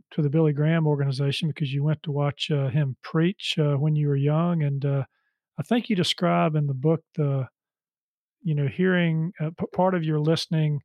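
A man's voice: fairly high pitch, no room sound, muffled recording. A man interviewing a guest in a conversational way, summarizing the guest's story and prompting questions with frequent fillers.

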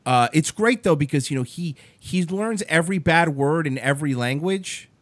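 A man hosting a radio show, telling stories in a casual, animated, mocking way. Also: a little high, normal speed, no echo. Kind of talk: casual on-air storytelling. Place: radio studio.

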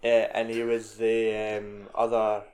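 Scottish young guy, lowish voice, lots of ums, casual film chat. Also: completely flat delivery, slow, darkish tone, clear, resonant tone. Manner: hesitant, many ums.

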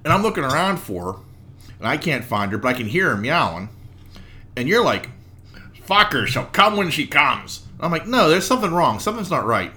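A man's voice: a little high, big pitch swings, a little fast, bright, forceful tone. A man co-hosting a podcast, telling a rambling household anecdote in casual chat. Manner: rambling anecdotes, acts out others' lines. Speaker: podcast co-host.

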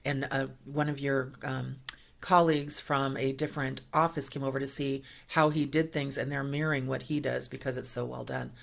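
A woman hosting a podcast, telling workplace anecdotes in a lively, chatty way and acting out the people she quotes. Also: very deep voice, moderate pace, vocal fry. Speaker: podcast host. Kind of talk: casual storytelling chat.

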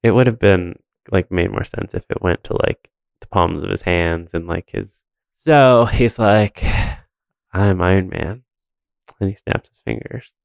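A man's voice: sits low, moderate pace, vocal fry, clear, resonant tone, no echo. A man co-hosting a podcast, recapping a film in rambling casual chat full of fillers and laughs. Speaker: podcast co-host.

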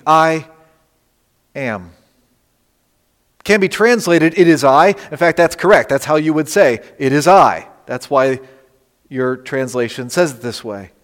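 A man preaching a sermon as pastor, moving between loud emphasis and soft, near-whispered lines. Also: fairly high pitch. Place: church sanctuary. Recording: long reverb of a church hall.

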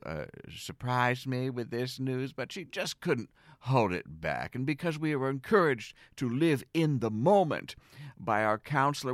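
A middle-aged man delivering a scripted comic monologue as a podcast host, earnest and whimsical, with sudden excited jumps. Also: medium pitch, no echo, clean studio sound.

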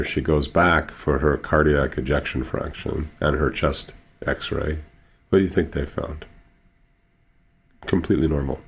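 Deep gravelly male Sufi healer. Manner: slow, earnest, with repeated phrases. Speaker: Sufi healer and teacher, guest. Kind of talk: storytelling in an interview.

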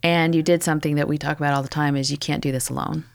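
Low, creaky woman interviewing as co-host. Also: steady tone, racing, no room sound. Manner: encouraging, probing questions. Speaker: podcast co-host. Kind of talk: interviewing guests.

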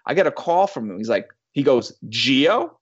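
A man in his thirties tells a long personal story in a loose, rambling way, circling back through restarts and the occasional curse. His voice sits at an ordinary middle pitch. The recording sounds slightly dull and lo-fi. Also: sing-song, brisk, darkish tone. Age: 30s. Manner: rambling, with many restarts and swearing. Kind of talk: casual storytelling.

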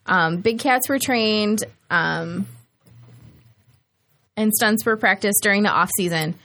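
A woman hosting a casual podcast, reading her researched notes aloud with fillers and quick asides. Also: medium pitch, pushed and bright. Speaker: podcast host.

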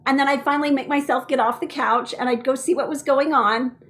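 Middle-aged woman host with a high voice, lively and chatty. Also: brisk. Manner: lively, shares personal parenting stories. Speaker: podcast host. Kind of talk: casual conversational chat.

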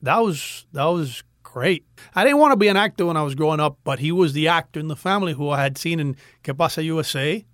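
A man with a Cuban American accent, an actor telling stories in a casual interview, animated and often restarting his words. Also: a little high, fast, dry recording, clean studio sound.

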